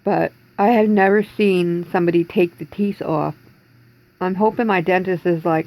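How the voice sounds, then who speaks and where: A woman's voice: fairly low pitch, fairly even intonation, unhurried, a little mellow, rough recording. A woman in her forties talking in a rambling, distressed way in a personal video diary from home, holding back tears. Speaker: vlogger.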